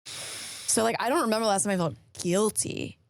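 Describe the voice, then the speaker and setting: A woman co-hosting a podcast, teasing and quick in casual chat. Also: mid-range voice, no room sound. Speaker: podcast co-host.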